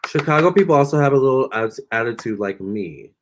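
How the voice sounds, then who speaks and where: A man's voice: mid-range voice, expressive, a little fast, a little hiss or hum. A man doing a tarot reading on a live stream, answering viewer comments in a chatty, sassy way and calling them honey and girl. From Virginia. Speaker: tarot reader.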